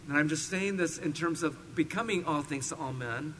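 A man preaches a sermon in a slightly high, bright voice, leaning hard on key words as he reads scripture slowly. His voice rings with a long reverb through a large hall, with a faint hum of room noise behind it. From California. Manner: slow deliberate scripture reading with emphatic stresses. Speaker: pastor. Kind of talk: expository sermon.

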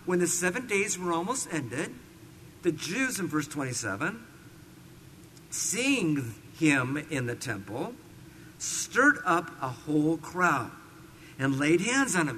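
A man from California preaching an expository sermon, reading scripture slowly with emphatic stresses. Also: high voice, bright, forceful tone, slight background noise. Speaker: pastor. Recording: long reverb in a large hall.

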